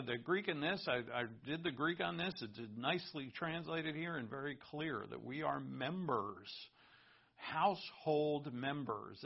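A man's voice: medium pitch, vocal fry, husky. A man preaching a sermon, reading scripture aloud and explaining it in an earnest teaching tone. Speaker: pastor. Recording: muffled lo-fi recording.

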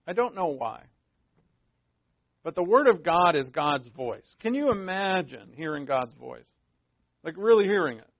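Pastor, male, higher-pitched gravelly voice, chatty sermon with rhetorical questions, dull dry lo-fi recording. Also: big pitch swings, unhurried, long pauses, dry recording. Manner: rhetorical questions, informal asides. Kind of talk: conversational sermon.

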